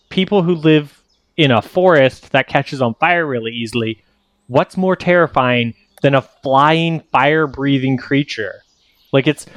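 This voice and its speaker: A man's voice: fairly high pitch, fairly bright tone, no room sound. Young guy gm narrating, lots of likes and ums, dry close sound. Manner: loose, filler-heavy, laughing often. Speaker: game master. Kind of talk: narrating a tabletop game.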